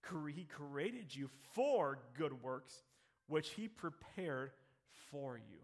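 A man's voice: on the high side, animated, takes it slowly. A man in his thirties preaching a sermon as pastor, telling a story and moving into emphatic appeals to the congregation.

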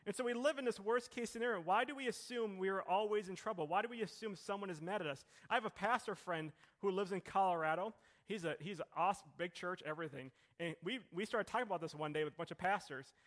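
Bright-voiced male pastor preaching. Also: sits high, fast, few pauses. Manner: conversational, rhetorical questions, swings between quiet and emphatic. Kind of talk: sermon. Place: church hall.

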